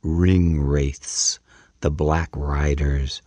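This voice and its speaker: A man voicing a playful, carefree young woman in an audiobook, speaking her lines in a lightly raised pitch. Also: fairly even intonation, extremely slow, darkish tone, no room sound, heavily acted.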